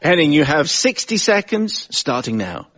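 A man hosting a comedy panel show, announcing scores and rounds in a brisk manner. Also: a little high, big pitch swings. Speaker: quiz host. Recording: muffled radio, loud audience and noise.

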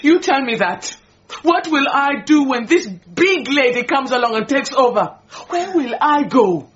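A melodramatic, indignant housemaid. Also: female voice, high voice, expressive, measured pace, lo-fi sound. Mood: wailing. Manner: dramatic, wailing complaints. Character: indignant, possessive housemaid, middle-aged woman. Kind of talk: radio drama acting.

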